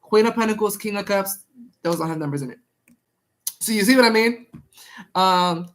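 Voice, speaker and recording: A woman's voice: medium pitch, animated, measured pace, long pauses. A young woman doing a casual live-stream tarot reading, chatting with viewers and repeating herself.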